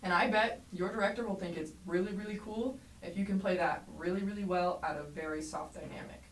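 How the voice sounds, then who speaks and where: A woman teaching a trumpet lesson, explaining clearly and encouragingly, sometimes singing rhythms aloud. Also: fairly low pitch, fairly quick. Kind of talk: music lesson tutorial. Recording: roomy echo, mic at a distance, faint background noise.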